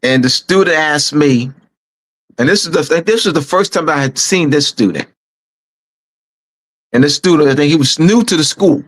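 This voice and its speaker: A middle-aged man, a teacher and author, telling a story from his teaching days in a relaxed, recollecting way, pausing and restarting as he remembers. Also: fairly high pitch, low-quality recording. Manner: unhurried recollecting with pauses and restarts. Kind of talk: casual storytelling.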